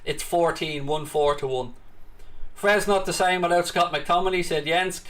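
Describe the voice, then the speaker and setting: A man's voice: fairly high pitch, normal speed, fairly bright tone. A man with a British accent hosting a live football watchalong, mixing play-by-play commentary with cheeky banter aimed at viewers in the chat. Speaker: watchalong host.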